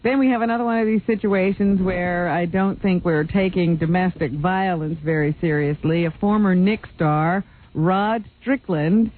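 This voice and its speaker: A woman co-hosting a radio talk show, chatty and quick to laugh, reading news items, on a tinny lo-fi radio recording. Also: on the low side. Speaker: radio co-host and news reader.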